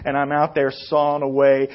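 A middle-aged man preaching a sermon, telling rambling, self-deprecating personal stories that grow loud and excited in the retelling. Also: mid-range voice, moderate pace, lo-fi sound. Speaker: pastor.

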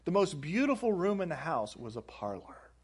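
Man preaching, fairly high voice. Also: very animated, normal speed, husky. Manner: reads aloud from a book, stressing phrases with rising emphasis. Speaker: pastor. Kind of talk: sermon. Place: church sanctuary.

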